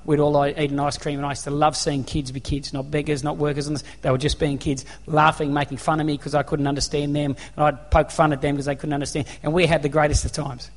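A man's voice: fairly high pitch, little pitch movement, quick pace, hardly any pauses. A man with an Australian accent preaching a sermon, telling a personal story in an earnest, conversational way. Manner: earnest, conversational, acts out dialogue. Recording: long reverb of a large hall.

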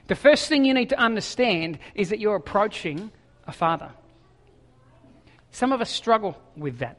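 High, bright-voiced man preaching in a hall. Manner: chatty, joking, stumbles and repeats words. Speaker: pastor. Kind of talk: sermon with jokes.

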